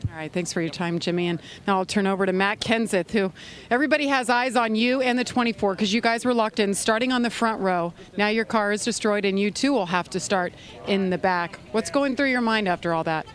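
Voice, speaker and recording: Pit reporter, trackside, brisk questions, mid-pitched voice. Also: a bit bright. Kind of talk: trackside interviewing.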